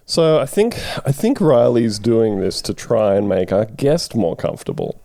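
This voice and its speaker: A man's voice: lowish voice, lively intonation, moderate pace, mellow, dry recording, clean studio sound. A man co-hosting a comedy podcast, playful and teasing in casual banter. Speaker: podcast co-host.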